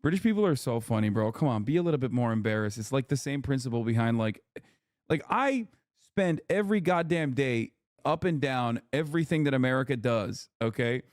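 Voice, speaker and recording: A man's voice: medium pitch, animated, fairly quick, a little mellow, dry recording, studio quality. A man live-streaming, reacting to a debate clip with sarcastic casual commentary and reading out chat. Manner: sarcastic, riffs with chat, slips into mock British voice.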